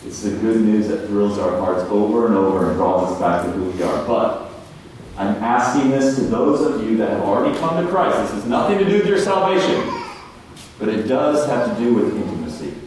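A man preaching a sermon in a church hall, emphatic, dropping to a hush and then rising loud again. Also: fairly low pitch, animated, normal speed, a little hiss or hum. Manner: emphatic, swings between hushed and loud. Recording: echoey hall, mic far off.

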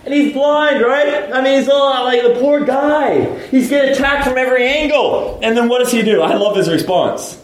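Man, pastor, casual slangy sermon, high lively voice, distant mic, echoey hall. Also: moderate pace, hardly any pauses. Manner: animated, swings between loud outbursts and hushed asides; casual, slangy delivery with frequent laughs.

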